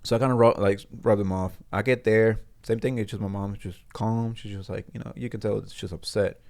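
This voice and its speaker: A man, a guest in a studio interview, retelling a personal story in a halting, earnest way with frequent restarts. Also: on the low side, steady tone, vocal fry, a little mellow.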